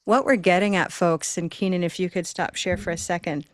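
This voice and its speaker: A woman's voice: lowish voice, fairly even intonation, fairly quick, no echo, studio quality. A woman hosting a live online pronunciation lesson, patiently drilling words in counted rhythmic beats over a video call. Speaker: pronunciation teacher and host.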